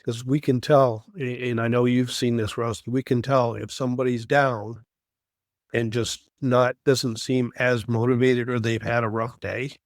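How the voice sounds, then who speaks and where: A man's voice: mid-range voice, little pitch movement, a little slow, no room sound, studio quality. A man co-hosting a podcast in casual chat, explaining things earnestly and telling stories from his own work. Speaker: podcast co-host.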